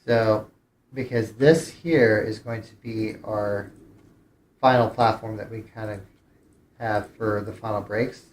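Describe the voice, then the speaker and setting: A man's voice: on the low side, steady tone, slow, echoey room. A man streamer giving casual gameplay commentary, thinking aloud with hesitant restarts. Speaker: game streamer.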